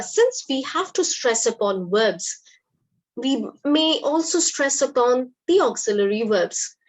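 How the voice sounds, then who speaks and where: A woman's voice: a little high, rough recording. Encouraging woman teacher. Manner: encouraging, patient classroom explaining. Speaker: English teacher. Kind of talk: live online English lesson.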